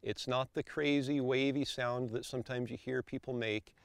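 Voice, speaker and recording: A man calmly explaining elk calls step by step, as an instructor. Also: mid-range voice, moderate pace, vocal fry, smooth, no echo. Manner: calm, methodical, explains step by step.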